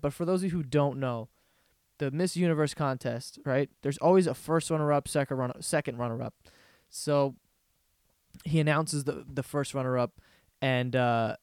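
A man's voice: on the high side, smooth, no room sound, studio quality. A man hosting a solo podcast, telling stories in a rambling, profane, laughing way. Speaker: podcast host. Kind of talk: casual solo podcast rant.

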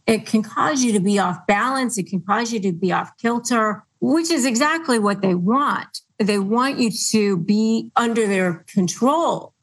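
A woman's voice: fairly high pitch, low-quality recording. A woman hosting an advice podcast, explaining earnestly and acting out quoted lines. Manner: earnest, quotes others in mocking put-on lines. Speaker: podcast host.

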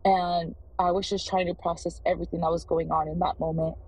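Husky-voiced woman telling a frightening story. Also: lowish voice, little pitch movement, a little mellow, rough recording. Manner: earnest, halting. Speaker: voicemail caller. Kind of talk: first-person story.

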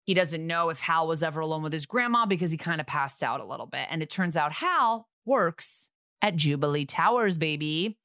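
A woman co-hosting a podcast, recapping a TV episode in casual chat with sarcastic, quick asides. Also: low voice, animated, fairly bright tone, no echo, clean studio sound.

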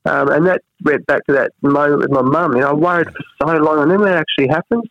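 A man's voice: fairly high pitch, fast, no room sound, highs cut off. An Australian man, a cricket head coach, reflecting earnestly in an interview, often restarting his sentences. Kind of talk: interview conversation.

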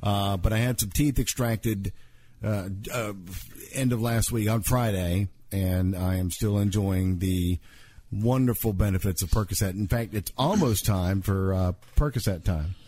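A man's voice: on the low side, measured pace, mellow. Dry-voiced male podcast host. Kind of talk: comedic podcast banter.

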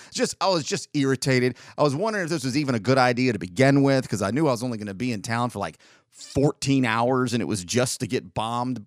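A man's voice: mid-range voice, no room sound, clean studio sound. A man telling a long personal story as a podcast host, rambling and correcting himself as he goes. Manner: rambling, self-correcting, profane when retelling. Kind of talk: casual storytelling monologue.

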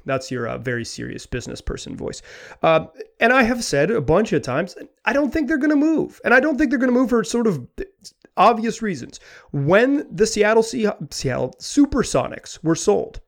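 A man hosting a sports talk podcast, talking in an animated, rambling way with frequent restarts. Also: high-pitched, normal speed, creaky. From Pacific Northwest. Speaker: podcast host.

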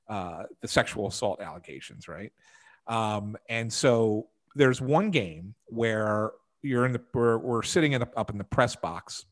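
A man's voice: mid-range voice, fairly bright tone. Casual rambling male podcast storyteller. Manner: rambling anecdotal delivery with fillers and restarts. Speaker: podcast co-host, former hockey beat writer.

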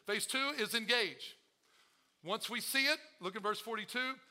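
A man's voice: high-pitched, normal speed, pushed and bright. A male pastor preaching a sermon to his congregation, calling out to them and acting out the prayers he quotes. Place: church.

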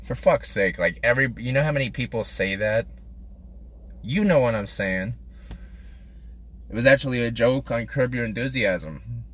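A man with a low-ish, slightly bright voice hosts a podcast, delivering a crude, self-deprecating comedic monologue. He rambles from one thought to the next.

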